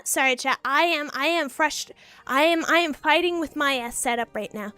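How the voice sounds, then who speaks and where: A woman's voice: high-pitched, big pitch swings, moderate pace, pushed and bright, dry recording, faint music behind. A young woman streamer chatting casually with her viewers and reading a storybook aloud, giggly and full of jokes. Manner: chatty, giggly, talks to chat, breaks off into jokes.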